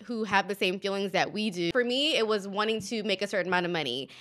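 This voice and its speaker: A woman's voice: mid-range voice, fast, fairly bright tone. Hesitant, relatable young woman host. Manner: relatable, hesitant, many fillers. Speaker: podcast host. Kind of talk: casual interview chat.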